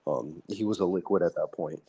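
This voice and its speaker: A man imitating a composed male ex-soldier with a lowered, steady voice. He recounts gruesome battlefield moments completely nonchalantly, in a flat, unhurried drawl, as if they were ordinary. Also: creaky, slightly rough, full character voice. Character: calm male ex-soldier telling grisly war stories.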